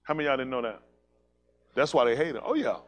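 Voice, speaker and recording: A man's voice: medium pitch, fast talker. A man preaching a fiery sermon as pastor, emphatic and colloquial, repeating calls like "listen" and firing rhetorical questions at the congregation.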